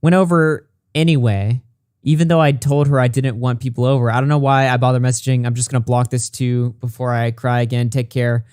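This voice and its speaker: A man's voice: mid-range voice, flat delivery, darkish tone, smooth, no room sound, clean studio sound. Profane man reading messages aloud. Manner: blunt, profane, reads texts quickly. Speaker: commentary channel host.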